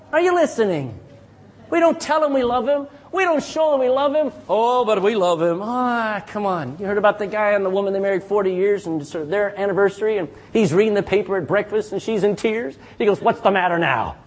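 Lively high-voiced preaching man. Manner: lively preaching with call-and-response. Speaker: pastor. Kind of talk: sermon.

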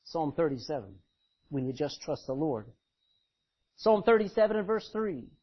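This sermon comes from a middle-aged preacher whose high, husky voice swings between loud declarations and near-quiet asides, folksy and emphatic throughout. He talks at a normal speed with lively intonation, captured on a dull, lo-fi recording.

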